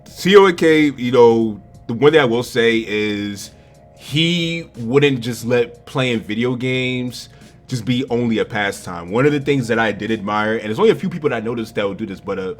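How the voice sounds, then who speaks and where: A man hosting a podcast, excitable and bantering, often repeating words. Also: medium pitch, moderate pace, faint music behind. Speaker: podcast host. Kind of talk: casual interview chat.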